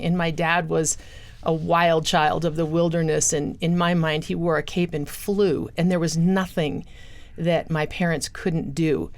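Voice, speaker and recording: A middle-aged woman giving an earnest personal testimony as a guest in a radio interview. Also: low-pitched. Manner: earnest storytelling, acts out quoted voices.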